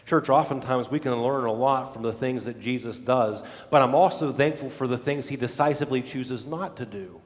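A man preaching a sermon as pastor, dramatic, dropping to hushed low lines and then rising to loud exclamations. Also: moderate pace, few pauses, in a large hall.

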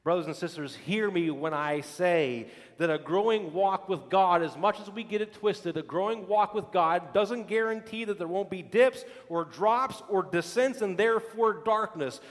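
A male pastor preaching a sermon, telling stories with lively emphatic repetition. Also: high-pitched, normal speed, few pauses, big-room sound. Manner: animated storytelling with emphatic repetition.

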